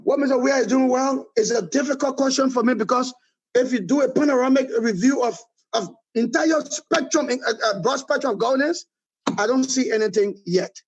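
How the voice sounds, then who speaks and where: A middle-aged political movement leader speaks with a Liberian accent, a little fast, in a very high voice captured with lo-fi sound. Answering interview questions, he delivers emphatic criticism and keeps repeating his points.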